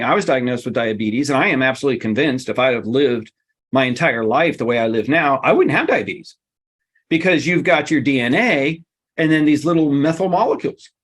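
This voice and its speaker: A man giving a lively seminar talk, emphatic and blunt, his voice leaping up on the points he stresses. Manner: emphatic and blunt, with sudden pitch jumps. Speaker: workshop speaker.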